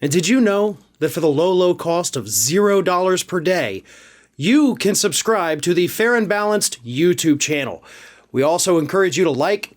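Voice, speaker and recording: A man voicing a grumpy character in a gruff, deadpan way. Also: high-pitched. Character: grumpy character named Aspen.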